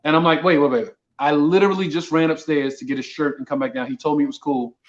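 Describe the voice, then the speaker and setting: A man's voice: a little high, fast talker, muffled recording. A man from Brooklyn, a comedian telling a story casually and acting out the dialogue. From Brooklyn, New York. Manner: animated storyteller, acts out dialogue. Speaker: comedian guest.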